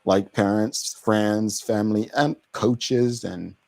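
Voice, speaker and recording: A man's voice: lowish voice, slow pace, gravelly, a little mellow. A man, co-hosting a talk show in casual chat, often restarting his words. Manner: chatty, with frequent repeated starts.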